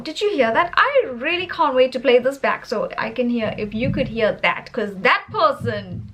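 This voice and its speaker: A South African woman in her thirties with a South African accent, an English teacher giving her views in a casual, emphatic vlog. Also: high-pitched. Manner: animated, emphatic, laughs often.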